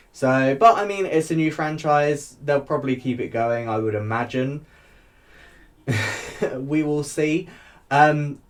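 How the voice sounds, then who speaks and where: Male YouTuber, casual rambling chat, laughs a lot, mid-pitched voice. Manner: rambling, chatty, laughs often. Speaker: YouTube reviewer.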